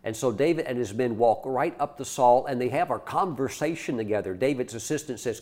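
Male preacher retelling a story, acts out the lines, lots of restarts, mid pitch. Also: a little fast. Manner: animated storytelling with quoted voices and restarts. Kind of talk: sermon.

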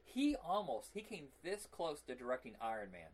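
A man co-hosting a podcast in casual chat, animated and quick to laugh. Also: mid-range voice, rough recording. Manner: animated, laughs easily, breaks into silly impressions. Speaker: podcast co-host.

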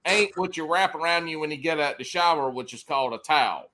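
A man's voice: fairly high pitch, brisk, bright, forceful tone, slight background noise. A man from the US South with a Southern accent, co-hosting a casual fishing chat and teasing the others. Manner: joking, teasing.

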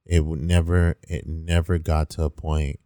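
A young man with a very deep, warm voice, smooth and resonant. He rambles through a casual story with lots of "like" fillers, recorded close and dry. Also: flat delivery, measured pace, no echo. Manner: rambling, heavy use of 'like', swears casually.

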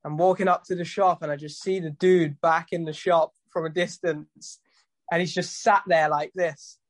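A man's voice: on the high side, level tone, normal speed. A man, a tattoo artist, chatting in an interview and telling loose, sweary stories while acting out conversations. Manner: loose storytelling, swears, acts out dialogue. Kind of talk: casual interview chat.

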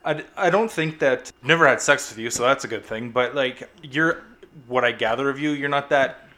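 A man's voice: mid-range voice, moderate pace, sharp tone. A man co-hosting a podcast, trading teasing, dry jokes in casual banter.

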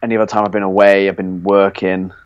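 A man's voice: deep voice, flat delivery, fast, no echo, muffled recording. A man, chatting casually as a podcast co-host, teasing his friend and swearing freely. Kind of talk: casual chat.

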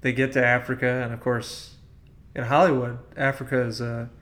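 A man's voice: mid-range voice, little pitch movement, normal speed, a bit bright. A man hosting a podcast, recapping a movie's plot in a wry, casual way. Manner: wry, leads the plot summary. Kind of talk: casual movie-review chat.

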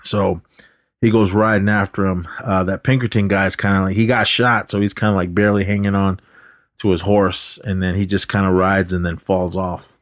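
Man, low voice, dry close sound, rambling film recap, lots of fillers. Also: flat delivery, moderate pace, no room sound. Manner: rambling retelling with filler words and quoted lines. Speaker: podcast co-host.

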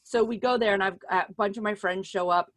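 A middle-aged woman hosting a podcast, telling stories in a casual, animated way, swearing freely and voicing the people she quotes. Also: mid-range voice, a little fast, dry recording. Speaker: podcast host and comedian. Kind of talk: casual chat, storytelling.

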